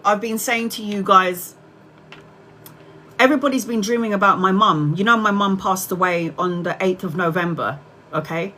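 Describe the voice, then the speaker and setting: A middle-aged woman hosts a tarot livestream, talking straight to her viewers. She tells her story in a chatty, candid way and swears casually. Her voice sits at an average pitch, with a faint noise behind it. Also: pushed and bright, rough recording. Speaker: tarot reader livestream host.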